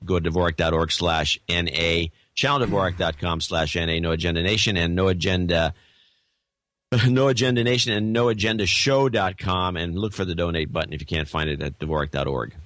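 A man with a low voice talks close to a dry, deadened mic. He co-hosts a podcast in casual banter, reading donor notes aloud in an amused, rambling way. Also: steady tone, a little fast, a bit bright, no echo. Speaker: podcast co-host.

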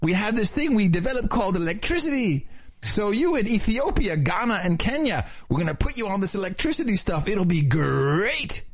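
A man's voice: high voice, very animated, moderate pace, breathy edge, full character voice. A man putting on a smug, condescending male politician in a mocking tone. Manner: patronizing, mocking.

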